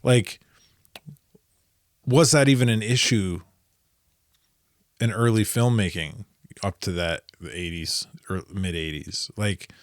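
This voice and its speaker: A man's voice: fairly low pitch, slow, pauses often, no echo, clean studio sound. A man co-hosting a movie podcast, thinking aloud with hesitant, trailing remarks and frequent laughs. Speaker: podcast co-host. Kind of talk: casual movie review chat.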